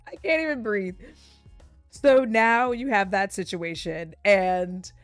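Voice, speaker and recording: A woman's voice: mid-range voice, slow pace, dry recording, faint music behind. A young woman streamer recapping a show in a giggly, chatty way, laughing often. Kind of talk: casual recap chat.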